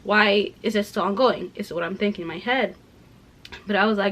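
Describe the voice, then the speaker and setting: A young woman rambling through a casual rant at home while packing, full of "like" fillers, dipping into soft asides. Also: mid-range voice, normal speed, low-quality recording. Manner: rambling, heavy use of "like" fillers; drops to soft asides about clothes. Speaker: vlogger.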